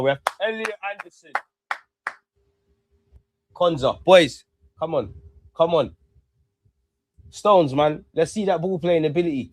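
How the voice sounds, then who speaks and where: Excitable football fan commentating. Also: male voice, a little high, dry recording. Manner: excitable, talks to players and ref, swears. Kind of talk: live match watch-along commentary.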